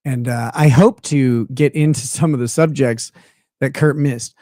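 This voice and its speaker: A man's voice: medium pitch, fairly even intonation, a little slow, darkish tone, no room sound, clean studio sound. A man hosting a livestream in casual chat, blunt and profane, laughing often. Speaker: livestream host.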